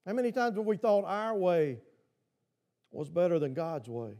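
In church, a pastor preaches a sermon to his congregation in a high, sing-song voice with a dark tone, at a moderate pace. He keeps asking the congregation questions, repeating them again and again.

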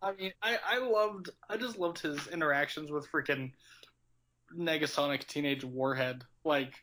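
A young man in casual film chat, animated and laughing often. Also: fairly high pitch, moderate pace, a little hiss or hum. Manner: animated, laughing, acts out quotes.

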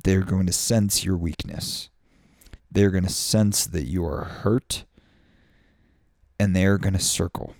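A man's voice: low voice, takes it slowly, long pauses, a little mellow, no room sound, studio quality. A man hosting a show alone, rambling through crude, self-mocking metaphors and swearing freely. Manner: profane, self-mocking, loose with extended metaphors. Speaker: podcast host. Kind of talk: solo rambling monologue. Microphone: studio microphone.

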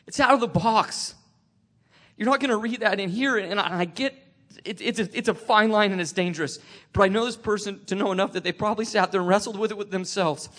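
A man sharing a personal faith testimony, emotional and tearful, halting with many restarts. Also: high voice, a bit bright.

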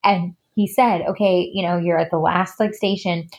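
A woman's voice: fairly low pitch, fairly even intonation, normal speed. A woman in her thirties, a podcast guest telling a personal story in a candid, chatty way, full of "like" and "you know". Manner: chatty, heavy use of fillers like "you know" and "like".

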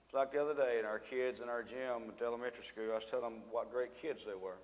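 A middle-aged lay preacher and school teacher gives a fast, conversational live sermon in a steady, medium-pitched voice. He questions the congregation and repeats himself often, and a large hall's long reverb surrounds him.

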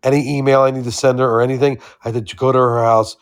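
A man's voice: mid-range voice, flat delivery, fast. A man co-hosting a podcast by phone from his couch, dry and profane in casual banter. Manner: dry, profane, talks over his partner. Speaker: podcast co-host. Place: on a couch at home. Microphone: phone on his chest.

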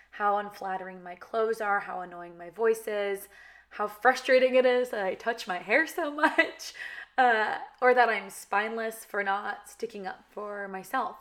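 A woman's voice: medium pitch, a bit bright. Young adult woman, valley girl accent, candid chatty talk to camera. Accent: Californian valley girl. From California. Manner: chatty, frequent "you know" and "like". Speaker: reality TV cast member.

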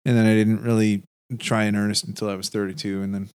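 A man's voice: on the low side, level tone, fast talker, a little mellow, smooth, no echo. Rambling man in casual chat, dry sound. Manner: rambling, trailing off, self-interrupting. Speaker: stand-up comedian.

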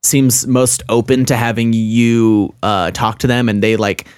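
A man's voice: mid-range voice, flat delivery, unhurried, a little mellow, smooth, no room sound. Guy chatting about a video game, lots of uhs and restarts, dry close sound. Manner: hesitant, many fillers and restarts. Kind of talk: casual game discussion.

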